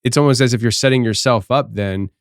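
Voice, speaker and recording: A man's voice: medium pitch, fast talker, no room sound, studio quality. A man hosting a podcast interview, asking long rambling questions with many restarts. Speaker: podcast host. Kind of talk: casual interview.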